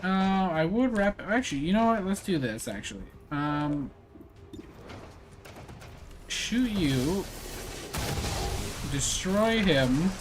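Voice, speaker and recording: A man's voice: fairly high pitch, very animated, takes it slowly, long pauses, background noise. A young man casually commenting on his gameplay, rambling with fillers and slang. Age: young adult. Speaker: gameplay streamer.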